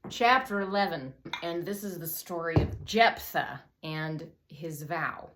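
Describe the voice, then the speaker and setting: Low, gravelly woman telling profane comedy. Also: measured pace, a bit bright, slight background noise. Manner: irreverent, profane, lots of "like" fillers. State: a bit out of breath, drinking wine. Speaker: comedy podcast host. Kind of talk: comic casual storytelling.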